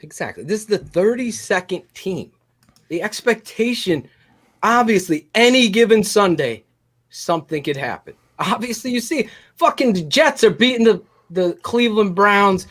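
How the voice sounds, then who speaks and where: A man co-hosting a live post-game show, ranting in a fiery, profane way and often shouting, on a video call. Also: high voice, expressive, normal speed. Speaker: co-host.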